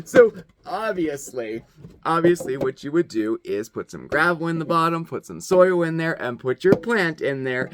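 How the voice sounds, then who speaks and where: A man's voice: fairly high pitch, a bit bright, a little hiss or hum. A man hosting a casual DIY craft video, chatty and upbeat, often checking in with "okay?". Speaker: host.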